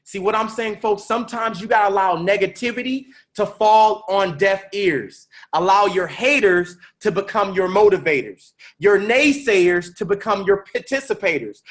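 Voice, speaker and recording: Fiery high-voiced motivational speaker man. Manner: preachy, rising to shouts, repeats phrases. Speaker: motivational speaker on a business webinar. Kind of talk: motivational speech with storytelling.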